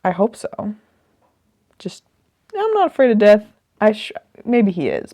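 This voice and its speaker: A woman's voice: mid-range voice, wildly swooping pitch, unhurried, pauses often, warm tone, dry recording, clean studio sound. A woman musing casually about a book she is reading, rambling and thinking aloud as she goes. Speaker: host reflecting on a reading. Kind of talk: casual spoken commentary.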